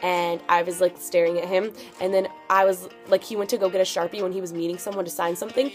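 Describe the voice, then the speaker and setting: A woman's voice: mid-range voice, fast talker, hardly any pauses. Gushing teen girl vlogger, music behind. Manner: gushing, excitable, filler-heavy "like" talk. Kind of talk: casual storytelling vlog. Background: background music.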